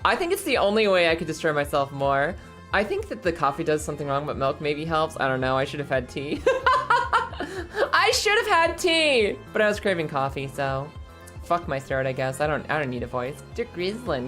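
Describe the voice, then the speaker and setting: Hoarse, giggly woman streamer. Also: sits low, animated, brisk, a bit bright, faint music behind. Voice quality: scratchy throat. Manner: bubbly, laughs often, rambling. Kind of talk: casual stream chat.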